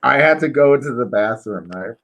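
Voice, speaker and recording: A man's voice: mid-range voice, expressive, brisk, a bit bright, low-quality recording. A man hosting a podcast interview, telling frank stories in casual chat with many fillers. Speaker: podcast host.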